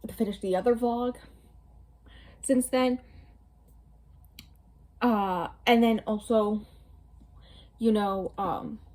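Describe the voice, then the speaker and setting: A woman's voice: a little high, darkish tone. A woman in her twenties chatting casually in a book vlog, rambling with many fillers and little laughs, recorded at home into a camera in front of her. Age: 20s. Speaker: book vlogger. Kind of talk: casual chat.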